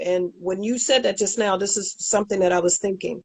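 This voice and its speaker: A woman's voice: mid-range voice, brisk, low-quality recording. A woman guest in a casual chat, telling a story animatedly and acting out what people said. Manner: animated storyteller, acts out quotes.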